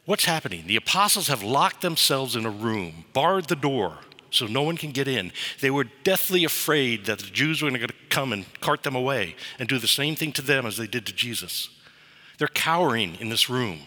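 A man delivers a sermon with a vivid, storytelling manner. His voice is very bright and lively in its rise and fall, and it rings with long reverb in what sounds like a church. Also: medium pitch, normal speed. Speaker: preacher. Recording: reverberant hall.

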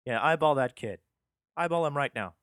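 A man's voice: a little high, lively intonation, normal speed, fairly bright tone, no room sound, studio quality. A man reading scripture aloud and breaking off into irreverent, profane commentary in a casual, offhand way. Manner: irreverent, profane asides, sarcastic; yawning, drowsy.

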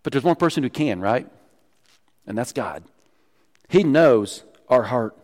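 Animated preaching man in a reverberant hall. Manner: animated preaching with wide swings in pitch and loudness, dropping to quiet punchlines. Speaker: pastor. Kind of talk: sermon.

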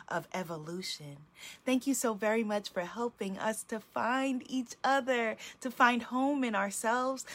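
Woman leading a soft spoken prayer. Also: medium pitch. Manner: soft, slow and reverent in prayer. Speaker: host leading a group prayer call. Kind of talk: guided meditation and prayer.

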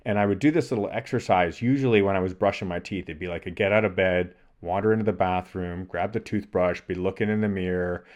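A man's voice: sits low, steady tone, fast talker, few pauses, darkish tone, lo-fi sound. A middle-aged man, a podcast co-host, telling a thoughtful personal story and acting out the voices in his head. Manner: thoughtful, acts out inner voices while telling stories. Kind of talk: reflective conversational storytelling.

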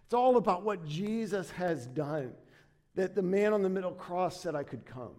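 A man delivering a church sermon in a slightly higher-pitched voice. He preaches conversationally, repeating himself as he restarts, then pushes up in pitch and force for emphasis. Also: animated, moderate pace, a little mellow. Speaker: pastor. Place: church sanctuary.

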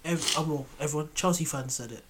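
A man's voice: on the high side, steady tone, fast talker, heavy background noise. A man chatting casually about football as a co-host, mostly chiming in with short agreements. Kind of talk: casual chat.

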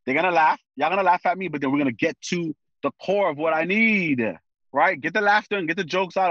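A man speaking as a guest in a casual conversation, animated and full of slang, often thinking aloud with fillers. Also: fairly high pitch, a little fast, dry recording, lo-fi sound.

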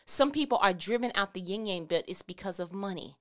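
A woman's voice: medium pitch, animated, brisk, fairly bright tone. A woman giving a casual, conversational Christian talk with emphatic, repetitive phrasing. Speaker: Christian speaker.

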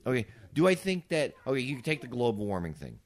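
A man's voice: medium pitch, wildly swooping pitch, fast talker. A man co-hosting a casual podcast, reasoning aloud and arguing his points through rhetorical questions. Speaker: podcast co-host.

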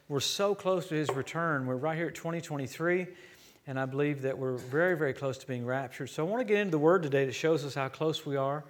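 Fairly high-voiced preacher from Louisiana. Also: male voice. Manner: storytelling, animated preaching with quoted dialogue. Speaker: traveling preacher. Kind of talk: sermon. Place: church.

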